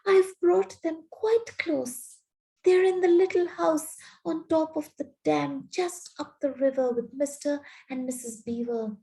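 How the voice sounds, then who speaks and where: A woman's voice: high voice, lively intonation, normal speed, vocal fry, dark tone, voice pushed up, rough recording. Woman doing an eager, nervous young boy. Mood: eager pleading. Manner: pleading, breathless.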